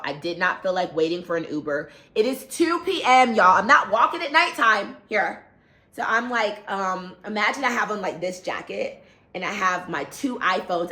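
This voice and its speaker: Bright-voiced woman telling a story. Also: on the low side. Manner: animated, acts out voices and cries out while retelling. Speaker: travel vlogger. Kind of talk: storytime vlog, casual retelling. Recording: echoey room.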